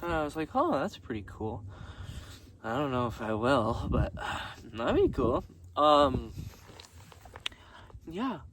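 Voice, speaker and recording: A man vlogging outdoors on a gravel road, casually recapping his day with frequent laughter and easy swearing. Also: medium pitch, very animated, slow, long pauses. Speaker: vlogger dressed as a jester. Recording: distant mic with faint outdoor noise.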